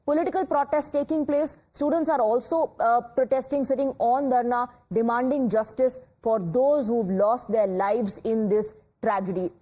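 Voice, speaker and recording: A woman's voice: a little high, mellow. Indian woman anchoring studio news. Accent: Indian English. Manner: measured, formal newsreading with occasional fillers.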